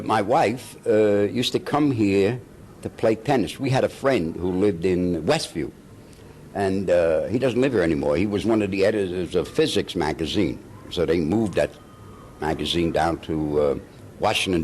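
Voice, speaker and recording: A man's voice: low voice, normal speed, a little hiss or hum. An older man, an actor telling stories in a casual interview and acting out the quotes with laughs. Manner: animated anecdotes with laughs and acted-out quotes.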